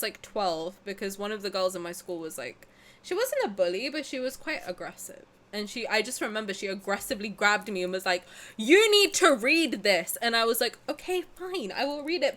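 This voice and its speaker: A woman's voice: a little high, pushed and bright. A young woman streaming a game, chatting casually and rambling to her chat with giggles.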